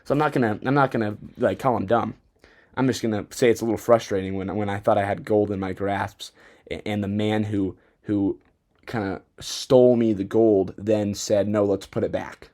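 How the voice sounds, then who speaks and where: A young man hosting a fantasy football podcast, talking in a rambling, excitable way and often stumbling over his words. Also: on the low side, moderate pace. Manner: rambling, self-interrupting, excitable. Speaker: podcast host. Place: Bozeman, Montana.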